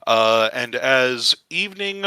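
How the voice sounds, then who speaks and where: Casting: male game master, loose meandering scene narration, very bright tone, dry close sound. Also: medium pitch, expressive, slow pace, clear, resonant tone, dry recording.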